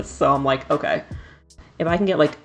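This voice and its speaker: Chatty thirties woman with a gravelly edge. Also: low voice, unhurried, soft background music. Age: 30s. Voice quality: chatty, animated, laughs often. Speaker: streamer. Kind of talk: casual chat while doing nails.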